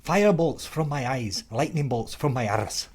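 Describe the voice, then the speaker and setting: A man putting on a Scottish accent to play a rousing, bombastic rebel warrior hero, with a booming, drawn-out battle-cry delivery. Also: expressive, darkish tone, slight background noise, lightly acted.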